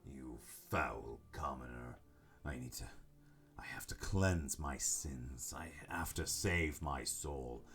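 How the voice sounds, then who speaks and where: A man voicing a zealous, mad old nobleman grandfather in a slow, brooding, menacing manner, lower than his own voice. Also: a bit bright, exaggerated voice. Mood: bitter.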